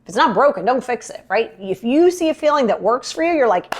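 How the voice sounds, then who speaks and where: Middle-aged woman, higher voice, direct coaching self-help host. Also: expressive, fairly quick, hardly any pauses. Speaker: podcast host. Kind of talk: motivational self-help talk.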